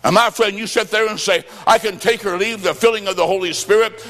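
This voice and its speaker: A man preaching a revival sermon, telling a story with acted-out quotes and rising to shouts. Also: high voice, fairly quick, hardly any pauses, long reverb tail. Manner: fervent, shouting at peaks, acts out quotes.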